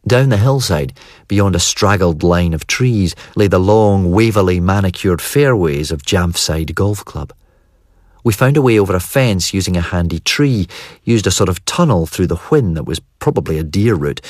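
A man reading first-person narration for an audiobook in a measured, even delivery. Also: low voice, dry recording, clean studio sound.

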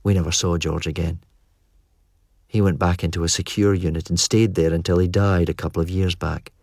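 Male audiobook narrator, low-pitched, dry studio sound. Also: fairly even intonation, brisk, darkish tone, no room sound. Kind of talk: scripted narration.

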